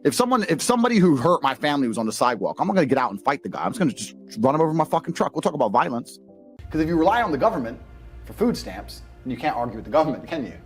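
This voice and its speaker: A man's voice: a little high, very animated, very fast, faint music behind. A middle-aged man with an English accent, a former fighter telling stories in casual chat, blunt and profane. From England. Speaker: podcast guest, former kickboxer.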